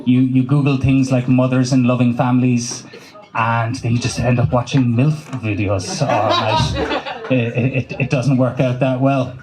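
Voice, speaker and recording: Speaking with fairly even intonation in a mid-range voice, a young Irish comedian with a dry throat tells a loose, profane stand-up story with quick voiced asides. It's an open mic at a small cafe, roughly recorded in a live room, with music in the background and the crowd laughing.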